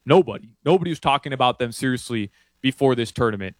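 A man talking soccer betting picks as a guest, rambling with many restarts and getting animated. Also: mid-range voice, quick pace, dry recording. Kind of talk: casual sports talk. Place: Miami area.

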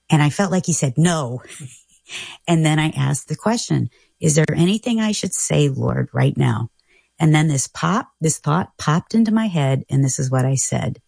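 Gravelly, husky woman sharing earnestly. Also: sits low, expressive, moderate pace, dry recording, clean studio sound. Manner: earnest, reflective storytelling with soft laughs. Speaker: guest author. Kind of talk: casual radio conversation.

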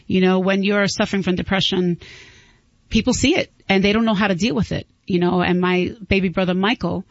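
A woman's voice: medium pitch, fairly even intonation, a little fast, no echo. Earnest woman guest opening up, keeps restarting, dry dull radio audio. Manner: earnest, heartfelt, frequent restarts. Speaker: guest author. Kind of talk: candid interview talk.

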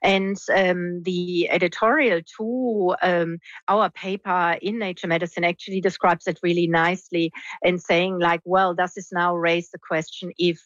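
A woman researcher explaining a study in an interview, measured and using fillers. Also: lowish voice, steady tone, no echo, highs cut off. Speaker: researcher guest.

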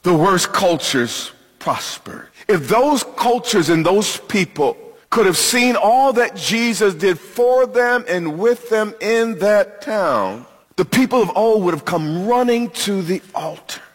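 A male pastor preaching with a husky, fairly high voice that swings widely in pitch. He leans into dramatic pauses and throws questions out to the congregation. His words ring out with a long reverb through the church sanctuary. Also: animated. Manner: emphatic preaching with dramatic pauses and call-and-response. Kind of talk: sermon.

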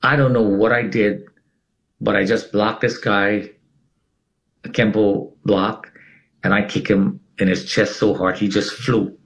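A man's voice: on the low side, unhurried. A man as an interview guest, telling a dramatic personal story and acting out the scenes. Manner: animated, acts out scenes.

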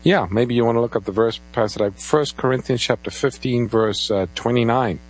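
A man's voice: medium pitch, a little fast, rough recording. A man co-hosting a live call-in Bible radio show, introducing callers and reading out phone numbers in a lilting way. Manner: lively, lilting delivery, takes calls and gives phone numbers.

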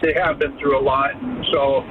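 A man's voice: medium pitch, level tone, normal speed, crowd noise. A man in his fifties calling in to a radio show, telling a heartfelt story in a rambling way. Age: 50s. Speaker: caller. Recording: tinny phone line with noise.

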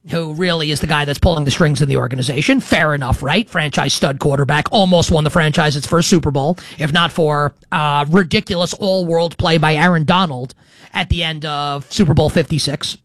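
A man's voice: a little high, brisk, a bit bright, no echo. Chatty, rambling male sports show host. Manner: chatty and rambling, with frequent restarts and "like". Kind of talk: casual talk-show monologue.

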